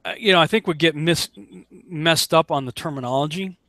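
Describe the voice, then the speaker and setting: A man leading a casual online Bible study, animated, acting out quotes in a raised voice and chuckling often. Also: a little high, a little fast, dry recording. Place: home setup on a live broadcast.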